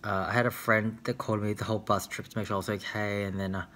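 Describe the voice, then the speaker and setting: A man's voice: on the low side, flat delivery, fast talker, a bit bright. A young man, telling candid dating stories in a casual, chatty vlog with lots of filler words. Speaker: vlogger.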